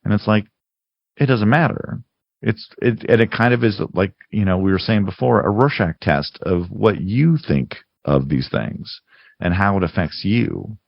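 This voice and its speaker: A man's voice: lowish voice, unhurried, creaky, no echo. A man co-hosting a podcast, chatting casually about films and rambling with frequent restarts. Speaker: podcast co-host. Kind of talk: casual film discussion. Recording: dull lo-fi sound, dry.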